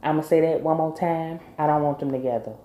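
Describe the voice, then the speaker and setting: Her voice low, steady, and warm, a woman recaps a TV episode briskly for her vlog. She's casual and emphatic, doesn't hold back in scolding the characters, and the room has an echo.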